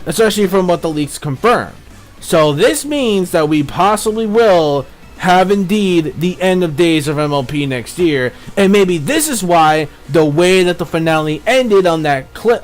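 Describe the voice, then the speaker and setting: A man giving a casual spoken review of a cartoon episode, excitable and rambling, with plenty of fillers and swearing. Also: sits high.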